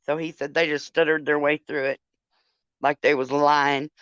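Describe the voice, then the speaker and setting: A woman's voice: low voice, level tone, moderate pace, clear, resonant tone, dry recording. Profane chatty older woman, drawl. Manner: profane, chatty, addresses viewers directly. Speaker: livestream host. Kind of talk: casual livestream storytelling. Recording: dull lo-fi sound.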